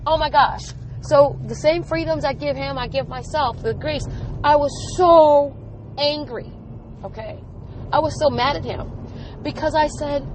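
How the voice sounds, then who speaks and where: A woman's voice: high-pitched, fairly even intonation, moderate pace, noisy background. A woman podcast host telling a personal story about her son in an earnest, emphatic way.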